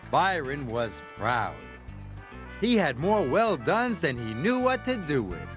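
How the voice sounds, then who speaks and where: Slow, lilting male storybook narrator. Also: fairly high pitch, big pitch swings, fairly bright tone. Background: background music.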